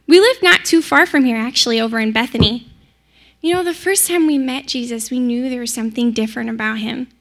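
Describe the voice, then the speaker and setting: A woman's voice: a little high, a bit bright. A woman playing a devoted woman disciple in a first-person monologue, speaking in a heartfelt, conversational way. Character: devoted young woman disciple, sister of a raised man.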